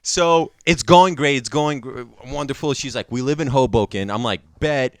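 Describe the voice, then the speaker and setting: A man's voice: medium pitch, moderate pace, no echo, clean studio sound. A young man from Georgia telling a story in casual podcast chat, acting out quotes, swearing and laughing often. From Georgia (country). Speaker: podcast co-host.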